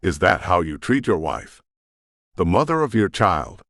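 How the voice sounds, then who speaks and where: A man's voice: deep voice, very animated, measured pace, a bit bright, no echo, clean studio sound, full character voice. A man voicing a hotheaded, taunting young woman. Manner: baiting and contrary.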